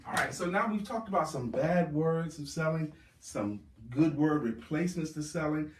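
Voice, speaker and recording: A man coaching a live audience on sales, speaking with emphatic, drawn-out stress on key words. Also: fairly high pitch. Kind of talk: live sales workshop talk. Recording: roomy, distant mic.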